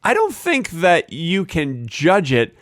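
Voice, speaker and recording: Male podcast co-host, deadpan comic, lively intonation, dry close sound. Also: on the high side, slow, no echo. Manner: deadpan, mock-serious bits. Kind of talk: casual comedic chat.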